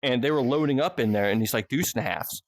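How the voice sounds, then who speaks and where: A man's voice: mid-range voice, fast talker, dry recording. Rambling, foul-mouthed man telling a story. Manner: rambling, heavy swearing, frequent restarts. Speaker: podcast guest or host. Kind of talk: casual podcast storytelling.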